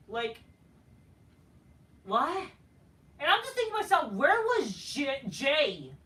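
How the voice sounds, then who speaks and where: A man's voice: very high-pitched, sharp tone. A man giving a casual ranting review of a wrestling show, profane, dismissive and rambling. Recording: roomy, faint noise, from a distance.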